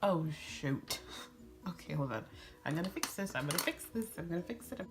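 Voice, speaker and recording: A woman in her twenties chatting excitedly while doing a makeup tutorial, gushing and giggling as she tells a story. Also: fairly low pitch, fairly quick, music in the background. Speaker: beauty vlogger.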